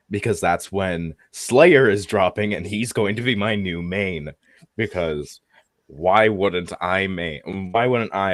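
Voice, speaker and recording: Brief: young man, very low voice, unhurried, dry close sound, halting and casual. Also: no room sound. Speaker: tabletop game player. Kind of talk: casual gaming chat.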